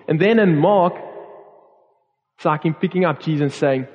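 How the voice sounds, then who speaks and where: A man's voice: high voice, moderate pace. A man preaching a sermon to a church congregation, earnest, with repeated phrases and restarts. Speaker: pastor. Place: church hall. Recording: dull recording in a long-reverb hall.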